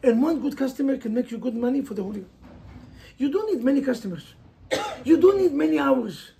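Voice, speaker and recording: A man's voice: very high-pitched, animated, a little fast, vocal fry, mellow, slight background noise. A man with an Israeli accent, a native Hebrew speaker, giving an emphatic motivational sermon as a rabbi and pressing listeners with rhetorical questions.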